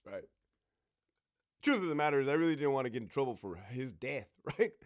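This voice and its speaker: A man's voice: medium pitch, big pitch swings, a little fast. A man, a former prison officer, talking in a blunt, profane and swaggering casual monologue. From California.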